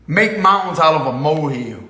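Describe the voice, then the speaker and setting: A man's voice: on the high side, animated, brisk, pushed and bright, roomy sound, a little hiss or hum. A man giving a casual spiritual reading, rambling and slangy and laughing often. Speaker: spiritual card reader.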